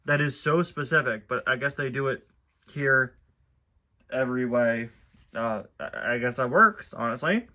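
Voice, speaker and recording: A man's voice: mid-range voice, unhurried, sharp tone. A man casually commenting on a children's book and reading bits aloud, chatty and wry with frequent asides. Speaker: host reviewing a children's book.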